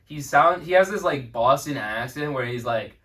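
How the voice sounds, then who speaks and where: A young man chatting casually as host of a lyrics quiz, laughing often between lines. His voice sits at an ordinary pitch and sounds a little distant from the microphone. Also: expressive, normal speed, sharp tone. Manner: laughs often, reads lines with mock flair. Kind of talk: casual chat.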